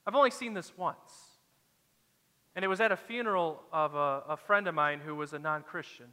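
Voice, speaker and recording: A man's voice: a little high, moderate pace, sharp tone, big-room sound. A man preaching a sermon as a pastor, dramatic and acting out the quoted lines.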